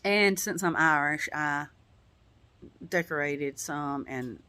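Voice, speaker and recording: A woman's voice: low voice, slow, bright, forceful tone, smooth, no echo. A woman giving a casual personal update as a vlogger, talking in a rambling, heartfelt way with many "you know" fillers. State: tearing up at times.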